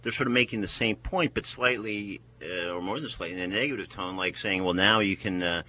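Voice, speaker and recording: A man hosting a casual talk, speaking haltingly with frequent restarts. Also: lowish voice, bright, forceful tone, rough recording. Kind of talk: casual discussion.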